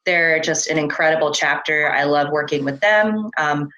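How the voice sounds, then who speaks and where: A woman from California, a guest on an interview show, telling stories in a chatty, relaxed way with loose fillers. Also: low voice, moderate pace, muffled recording. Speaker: interview guest, experiencer researcher. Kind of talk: casual conversational storytelling.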